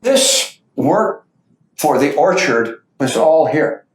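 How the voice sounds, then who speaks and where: A man's voice: a little high, slow. A man giving a lecture to an audience, telling anecdotes and acting out the quotes. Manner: lively anecdotal storytelling with acted quotes. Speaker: speaker giving a talk. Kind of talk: storytelling lecture. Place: meeting hall. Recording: echoey hall.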